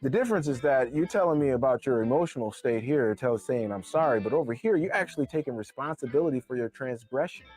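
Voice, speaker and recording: A man giving his opinion in a casual commentary. He talks emphatically and slows down with deliberate pauses to land each point. Faint guitar music plays behind him. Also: mid-range voice, animated, darkish tone. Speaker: commentator on a clip.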